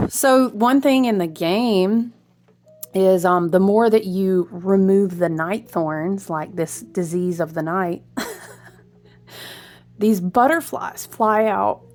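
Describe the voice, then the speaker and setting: A woman talking casually to viewers in a spiritual vlog, animated and chatty, drifting between topics and often breaking into high exclamations. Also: slow pace. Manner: speaks to viewers as friends, slangy and warm-hearted. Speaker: tarot reader.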